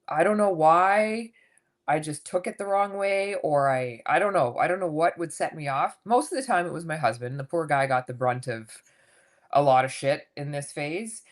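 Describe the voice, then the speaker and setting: A woman in her fifties, a coach and podcast guest, telling her story in a candid, animated way and swearing casually. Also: low-pitched. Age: 50s.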